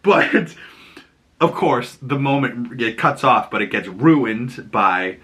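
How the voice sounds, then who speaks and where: Excitable rambling man with a bright voice. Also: medium pitch, slow. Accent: Boston. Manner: excitable, rambling, crude jokes. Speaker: video host. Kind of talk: casual TV episode breakdown.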